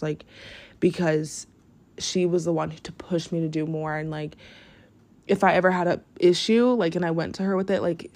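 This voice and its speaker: A woman's voice: on the low side, a little mellow. A young woman hosting her own podcast, chatting casually and earnestly, rambling with lots of "like" and "um". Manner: rambling, heavy use of "like", earnest and grateful. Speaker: podcast host. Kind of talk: casual solo podcast chat. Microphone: podcast mic, no camera.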